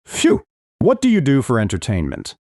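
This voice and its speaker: A man's voice: mid-range voice, huge pitch swings, moderate pace, a little mellow, dry recording, studio quality, pitched above the performer's own voice. A man voicing a curious fourteen-year-old kid, a newcomer from the city, asking eager questions in a raised voice.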